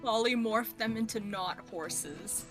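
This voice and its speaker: A woman's voice: on the high side, takes it slowly, music in the background. A woman playing in a tabletop game, playful and joking with the group. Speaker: tabletop player. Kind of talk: casual game chat.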